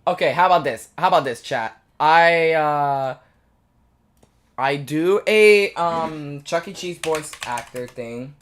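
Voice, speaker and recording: A young streamer talking quickly and casually and turning to address the chat. Their voice sits in a middle pitch and has a chatty, restless rhythm. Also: fairly bright tone.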